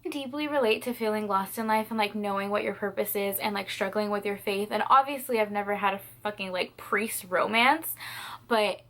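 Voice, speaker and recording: A woman's voice: medium pitch, fairly quick, fairly bright tone. A young woman in a reading vlog, tearful and rambling, repeating herself and swearing as she talks about a book. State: tearful, crying. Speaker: book vlogger. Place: at home, indoors.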